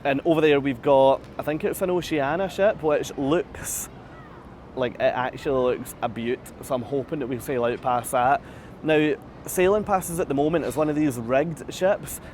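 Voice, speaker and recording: A man in a middle-pitched voice chats through a live phone vlog outdoors on a ship's top deck. He talks casually, laughs often, and is slightly out of breath. Faint wind and ship noise sit behind him. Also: moderate pace, a little mellow. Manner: chatty, self-deprecating, laughs often, many restarts. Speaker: cruise vlogger. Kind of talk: live-streamed walking vlog, answering viewer comments. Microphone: phone camera held at arm's length.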